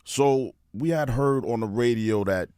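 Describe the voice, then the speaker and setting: A man's voice: mid-range voice, measured pace, warm tone, smooth, no echo, clean studio sound. An older man telling a story in an interview, using casual slang and chiming in on his partner's tale.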